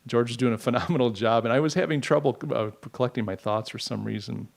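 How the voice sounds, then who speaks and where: Middle-aged male host, mid-pitched voice, chatty and rambling, quick to mock. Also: vocal fry. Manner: rambling, animated, mocking asides. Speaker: podcast host. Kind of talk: casual opinion monologue.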